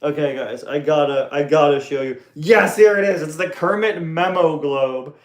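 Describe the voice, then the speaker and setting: A man's voice: on the high side, normal speed. A young man hosting a casual live question-and-answer stream from home, joking and tripping over his words, talking into a phone on a tripod. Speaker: livestream host.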